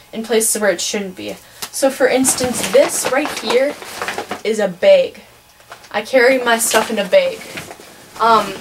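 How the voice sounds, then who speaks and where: A woman's voice: mid-range voice, low-quality recording. A teenage girl from Wisconsin with a Midwestern American accent, ranting casually in a vlog, chatty and opinionated with lots of ums. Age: teens. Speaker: vlogger.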